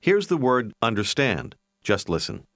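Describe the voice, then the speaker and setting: A man narrating a recorded language course, giving clear, measured instructions and prompts to repeat. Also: mid-range voice, very animated, a bit bright, dry recording, studio quality. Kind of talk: scripted language-lesson instruction.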